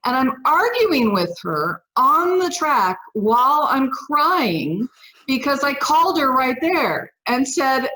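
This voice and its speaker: Animated woman telling a personal story. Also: sits high, slow pace, poor audio. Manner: animated, emphatic retelling with acted-out dialogue. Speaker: podcast guest.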